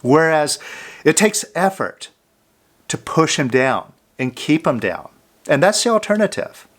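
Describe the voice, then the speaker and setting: A man giving a calm self-help talk, coaching the listener directly and sometimes dropping to a soft, hushed voice. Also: a little high. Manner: drops to a soft near-whisper on "I love you, fear".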